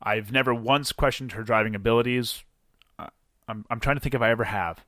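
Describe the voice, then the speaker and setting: A man's voice: medium pitch, brisk, a bit bright, no room sound, studio quality. A man co-hosting a casual podcast, joking and rambling, coughing from allergies. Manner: joking, rambling, self-deprecating. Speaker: podcast co-host. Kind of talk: casual chat. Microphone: studio mic.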